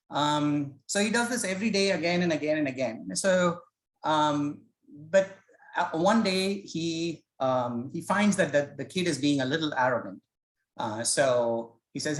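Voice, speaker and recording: This self-recorded scripture study is led by a man whose voice is fairly high and whose speed is normal. He talks in a hesitant, conversational way, telling stories while he explains in an informal lecture. The audio is low quality with a roomy sound.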